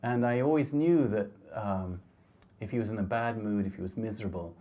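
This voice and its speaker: A middle-aged man giving a reflective talk about his photographs, speaking gently and haltingly with frequent restarts. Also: fairly low pitch. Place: lecture hall.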